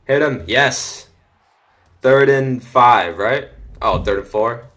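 A teenage boy gives casual commentary on a football video game from his room at home. He mutters and chats to himself, then gets loud and excited when a play goes his way. His pitch sits in the middle for a young man. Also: takes it slowly. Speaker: gaming commentator.

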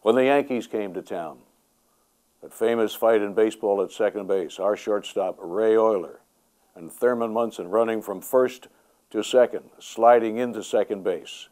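A former ballplayer recounting a brawl in an interview, in short clipped phrases. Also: male voice, lowish voice, moderate pace. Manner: clipped phrases, building excitement. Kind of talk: storytelling interview.

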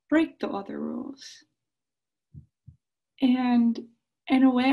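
A woman in her twenties, a PhD student, telling children an expressive story with occasional hushed asides. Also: a little high, gravelly, low-quality recording.

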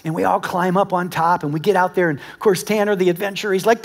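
A male pastor preaching a sermon in a conversational, animated storytelling manner, talking directly to his congregation. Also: sits high, a little fast, hardly any pauses. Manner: animated storytelling with acted-out quotes. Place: church service with a congregation.

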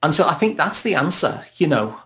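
A man's voice: a little high, big pitch swings, a little fast, fairly bright tone. Reflective man with a Liverpool accent. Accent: Liverpool (Scouse). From Liverpool, England. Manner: reflective, laughs lightly as he talks. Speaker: podcast guest, therapist. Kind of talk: casual podcast conversation.

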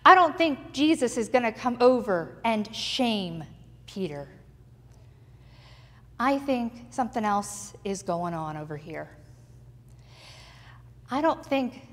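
A woman pastor preaching a sermon, telling the story with dramatic pauses, in a church. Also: mid-range voice, expressive, a bit bright, big-room sound. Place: church sanctuary.

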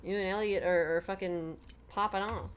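A woman's voice: medium pitch, steady tone, moderate pace. A young woman streaming a video game, chatting candidly and rambling as she answers her chat, swearing freely. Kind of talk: casual gameplay stream chat.

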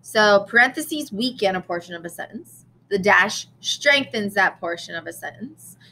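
A woman's voice: medium pitch, expressive, moderate pace, bright, forceful tone, rough recording. A woman teacher giving a recorded lesson in a casual way, with frequent ums and restarts and an occasional cough. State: coughing now and then.

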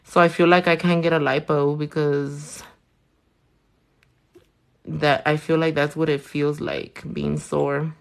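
A young woman chats casually as she works on nails and tells a story about her day. She talks in a loose, profane, animated way. Her voice sits a little low and has a gravelly fry running through it. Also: a little slow, pauses often. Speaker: nail artist vlogger. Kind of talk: casual storytime chat while doing nails.

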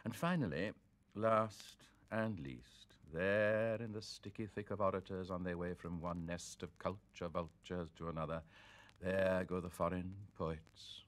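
A man giving a theatrical dramatic reading of literary prose, sonorous, with sweeping swings of loudness. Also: deep voice, steady tone, measured pace. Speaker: reader.

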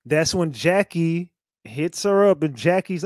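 A man's voice: fairly high pitch, lively intonation, unhurried, dry recording, studio quality. A man hosting a commentary show, rambling in casual slang with lots of fillers. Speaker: host.

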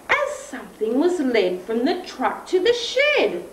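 A high-voiced woman reads a picture book to toddlers, her pitch leaping up and down in a slow, sing-song storytelling manner. She stops often to coax the children with questions. It sounds like a home video taken across a roomy daycare room, with a faint hiss behind her. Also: big pitch swings. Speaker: daycare educator.

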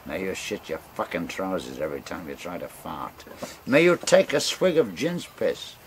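A battered, furious gang captain, put on by an old storyteller spits out a long string of curses, his gravelly voice rising louder and higher than usual. Steady background hiss sits under the storybook rant. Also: measured pace, exaggerated voice. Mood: cursing rage. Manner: ranting, cursing loudly.

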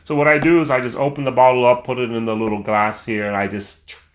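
A man's voice: medium pitch, level tone, quick pace. Chatty man reviewing whisky on camera. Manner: enthusiastic, chatty, with filler restarts. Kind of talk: casual video review. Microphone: camera mic.

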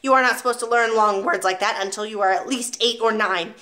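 A woman's voice: medium pitch, brisk, bright, forceful tone, natural voice. A woman reading aloud and voicing a huge, brutal headmistress who bellows, snaps and sneers at children. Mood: scornful. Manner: bellowing, snapping, scornful.

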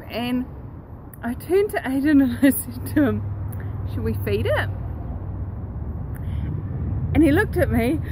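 A woman hosting her own self-help vlog, telling a story in a lively, earnest and direct way. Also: high voice, noisy background. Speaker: host.

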